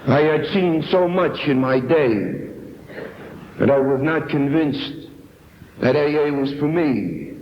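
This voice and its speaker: A man's voice: a little high, takes it slowly, slight background noise. A man from New York giving an earnest, emphatic personal testimony at a recovery meeting. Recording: echoey, dull 1970s tape recording.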